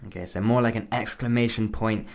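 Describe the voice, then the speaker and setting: A man's voice: lowish voice, steady tone, brisk, creaky. Guy co-hosting a language podcast, asks stuff, spells words out letter by letter. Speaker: co-host.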